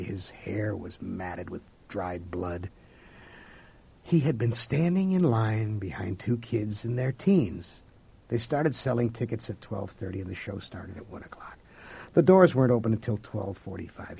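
A man's voice: on the low side, vocal fry, mellow, breathy edge, dull audio. A man giving an emotive, dramatic first-person reading of a story. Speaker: audiobook narrator.

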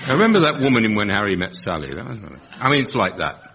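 A man on a comedy panel, telling a risqué tale deadpan and leaning on innuendo. His pitch rises and falls freely. The recording is lo-fi, with clear background noise. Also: fast talker. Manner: deadpan storyteller, lingering on innuendo. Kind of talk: improvised comic chat. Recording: lo-fi broadcast audio with noise.

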